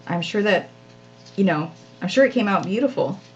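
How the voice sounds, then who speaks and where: A woman's voice: medium pitch, lively intonation, normal speed, a little hiss or hum. A woman hosts a live craft stream, rambling casually and poking fun at herself as she works. Her voice sits in an ordinary middle range. The sound is a little dull and lo-fi, like a home live-stream. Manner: chatty, self-deprecating, frequent laughs. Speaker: craft channel host.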